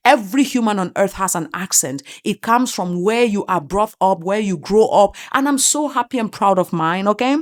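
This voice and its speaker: A woman with an African accent giving an opinionated commentary monologue, emphatic and full of rhetorical questions. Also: mid-range voice. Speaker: online commentator.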